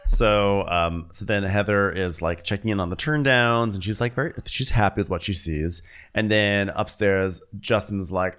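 A man co-hosting a comedic recap podcast, rambling and mocking people with quick impressions. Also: low voice, fairly bright tone, smooth. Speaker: podcast co-host.

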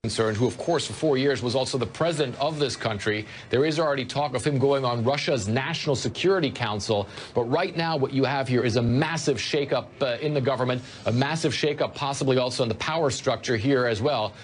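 A male news correspondent giving a measured live report. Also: mid-range voice, a little hiss or hum. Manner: measured, informative.

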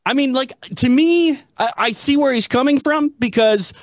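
A man's voice: extremely high pitch, moderate pace, fairly bright tone, no echo, clean studio sound. A man from the United States hosting an interview, chatting in a playful, mock-serious way. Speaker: interview host. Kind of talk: casual interview chat.

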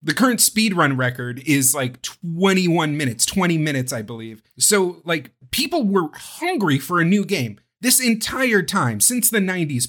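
Animated, rambling male podcast host. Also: on the high side. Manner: animated, rambling, swears freely. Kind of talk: casual chat.

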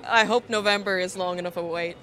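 A bright, clear-toned woman from Russia speaks with an American accent. She chats frankly and laughs easily in a casual street interview. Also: on the low side, steady tone, fast talker.

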